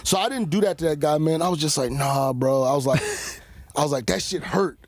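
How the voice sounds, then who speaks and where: A man's voice: on the high side, lively intonation, fast talker, dry recording. Profane, laughing storyteller man. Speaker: guest cutman. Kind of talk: casual podcast storytelling.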